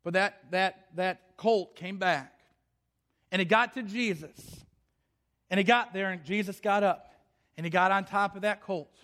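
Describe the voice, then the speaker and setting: A man's voice: sits high, unhurried, fairly bright tone. A man preaching a sermon with passion, repeating phrases and restarting his sentences. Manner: impassioned, repetitive, with frequent restarts.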